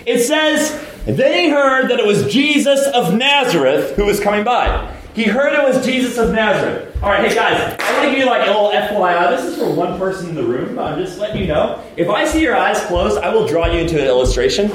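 A man preaching a lively sermon in a casual, slangy way, swinging between loud outbursts and hushed asides. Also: high voice, a little fast. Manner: casual, slangy delivery with frequent laughs. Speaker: pastor. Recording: echoey hall from a distance.

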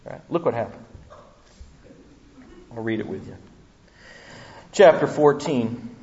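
A man preaching a sermon as pastor, telling the story with animated humor. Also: medium pitch, measured pace. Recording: dull lo-fi recording.

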